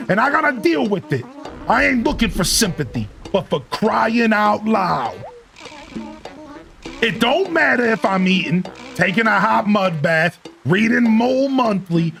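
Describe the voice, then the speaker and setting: A man voicing a grumpy male mole who rants and scolds the player with gruff shouts. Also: sits high, heavily acted. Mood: exasperated. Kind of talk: reading game dialogue aloud in character.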